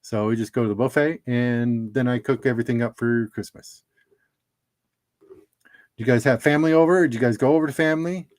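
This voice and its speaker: A man's voice: medium pitch, fairly quick, pauses often, darkish tone. A middle-aged man hosting a casual livestream, chatting and laughing at his own jokes while opening trading cards.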